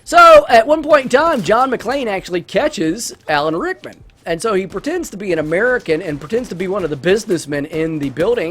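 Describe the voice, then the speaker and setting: A man's voice: high voice, lively intonation, fairly quick, few pauses, fairly bright tone. A man hosting a let's-play, chatting casually through a movie review in a rambling way with many restarts.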